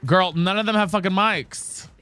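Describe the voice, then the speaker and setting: A man's voice: sits high, normal speed, bright, forceful tone, clear, resonant tone, soft background music. A man streaming a game live, chatting casually with viewers, swearing and repeatedly asking teammates if they have mics. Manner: chatty, swears, calls the audience girl and guys. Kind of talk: casual live-stream chat while gaming.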